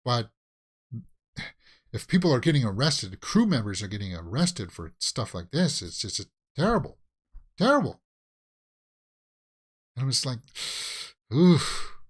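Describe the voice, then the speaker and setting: A man's voice: medium pitch, expressive, a little fast. A man hosting a casual live movie news stream, talking loosely with many fillers and restarts and breaking into exclamations. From Canada. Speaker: host of a movie news channel.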